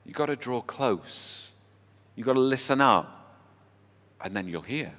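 A man's voice: medium pitch, expressive, unhurried, a bit bright. A man preaching a sermon, talking in a conversational way and asking the congregation rhetorical questions. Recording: long hall reverb with faint music.

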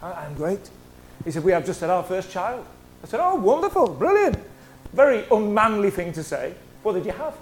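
A male pastor, preaching a lively, conversational sermon full of humorous stories. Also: sits high, fairly quick. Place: church hall.

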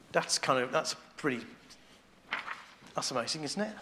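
A man preaching a sermon in a conversational way, restarting phrases as he thinks aloud and growing quiet and intimate on devotional points. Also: a little high, animated, moderate pace.

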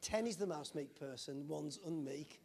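A man's voice: a little high, normal speed, gravelly, a little mellow. A man preaching a sermon to a congregation, playful and jokey, drawing the listeners in with questions.

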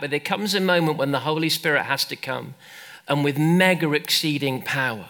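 An older man preaching a sermon, animated and emphatic, calling out to the congregation. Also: fairly high pitch, moderate pace.

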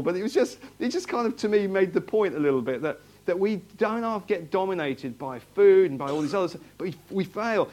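Conversational pastor preaching to a congregation. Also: male voice, sits high, lively intonation, fairly quick, hardly any pauses, a little mellow. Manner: conversational, repeats himself, asks the congregation questions. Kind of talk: sermon. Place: church hall, in front of a congregation.

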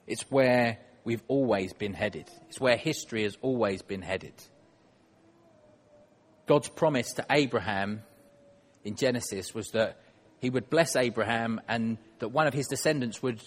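A man's voice: mid-range voice, in a large hall. A man preaching a sermon in church, conversational and self-deprecating, putting questions to the congregation.

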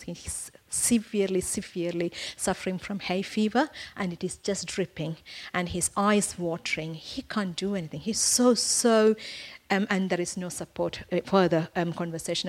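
A woman telling a personal testimony to a prayer group, earnest and halting, with many fillers and restarts. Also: mid-range voice. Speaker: church member giving testimony.

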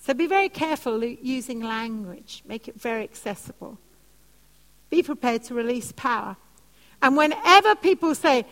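A woman preaching and teaching on prayer, telling animated stories. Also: moderate pace, gravelly. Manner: animated storytelling, soft lowered voice for quoted comforting words. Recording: long hall reverb.

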